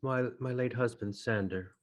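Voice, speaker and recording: A woman's voice: a bass voice, a little slow, darkish tone, exaggerated voice. A man, the game master, voicing a guarded widow mourning at a grave, speaking hesitantly and curtly. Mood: grieving.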